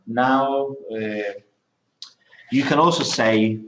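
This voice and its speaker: Man, English teacher, unhurried, roomy classroom echo. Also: medium pitch, a bit bright, slight background noise. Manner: models pronunciation by repeating words, questioning students. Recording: echoey classroom.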